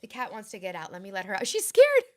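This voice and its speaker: A woman's voice: mid-range voice, racing, sharp tone. A woman in her late thirties, hosting a casual livestream and chatting and rambling as she reads viewer comments aloud. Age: 30s. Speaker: livestream host.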